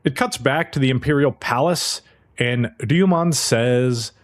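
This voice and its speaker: A man's voice: medium pitch, measured pace. A man hosting a podcast, casually recapping an episode in a breezy, profane storytelling manner. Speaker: podcast host.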